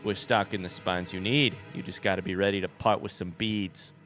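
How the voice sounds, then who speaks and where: A man reading game dialogue aloud as gruff, businesslike male bug scrap merchants, drawling slowly in a put-on Boston and New York accent. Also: low-pitched, fairly even intonation, a bit bright, faint music behind, voice pushed down. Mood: haggling.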